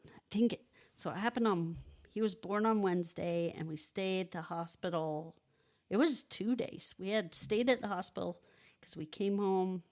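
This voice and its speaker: A woman's voice: mid-range voice, darkish tone. A woman in her thirties on a podcast, telling her own story casually, with many restarts and "like"s. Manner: halting, restarts, frequent "like" and "you know".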